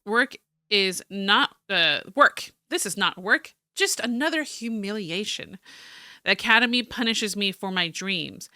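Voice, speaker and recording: Woman reading as a stuffy gentleman mapmaker. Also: medium pitch, animated, a little slow, dry recording, clean studio sound. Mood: gloomy. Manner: formal, slightly fancy reading with small stumbles. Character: stiff proud male cartographer keeping a journal. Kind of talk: reading game journal aloud.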